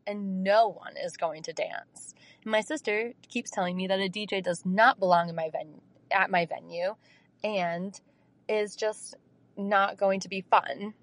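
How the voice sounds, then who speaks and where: A woman's voice: mid-range voice, no echo. A woman in her thirties reading out a question to a podcast, earnest and a little stressed. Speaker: listener sending a question. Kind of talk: read-out listener message.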